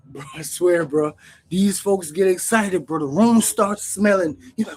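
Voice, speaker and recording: A man hosting his own channel, telling stories in a casual, animated, slangy way, calling everyone "bro". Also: a little high, moderate pace, a little hiss or hum. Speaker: channel host recounting prison life. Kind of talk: casual storytelling to camera.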